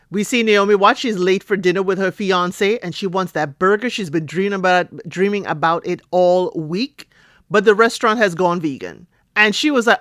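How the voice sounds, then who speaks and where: Recapping a TV episode for her podcast, a middle-aged woman speaks at a moderate pace in a medium-pitched voice, chatty and animated, acting out characters' lines in quotes with playful asides and laughs. It's clean studio sound with no room noise.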